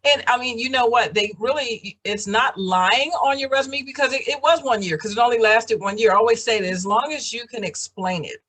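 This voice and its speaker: A woman's voice: on the high side, brisk, few pauses, a bit bright, breathy edge. A woman hosting a casual video call chat, encouraging and full of fillers and restarts. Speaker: program host.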